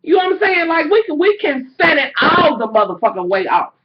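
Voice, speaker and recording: A young woman telling a story to her viewers in a casual, profane rant, swinging between low asides and loud outbursts. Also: very animated, brisk, lo-fi sound.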